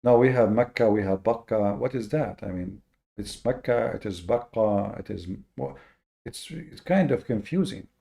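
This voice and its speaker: A man hosting a lecture-style monologue, speaking with slow, deliberate emphasis, often repeating words and adding fillers. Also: lowish voice, vocal fry, warm tone. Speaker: host.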